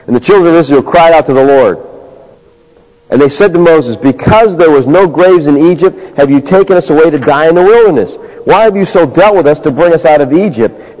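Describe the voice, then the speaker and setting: A man in a pastor's role preaches with a fairly high voice, talking to his listeners in a loose conversational way. He drops to quiet asides and then lifts into emphatic bursts. The recording sounds dull and lo-fi. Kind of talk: sermon.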